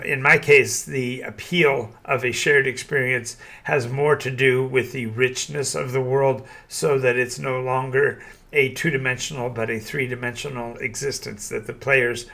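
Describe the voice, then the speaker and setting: An older man talks through his opinions on tabletop games in a bright, forward voice. He often stalls and restarts mid-word, then pushes on with steady conviction. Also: mid-range voice, creaky. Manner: halting, many restarts and fillers. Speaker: game master and channel host. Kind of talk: opinion monologue.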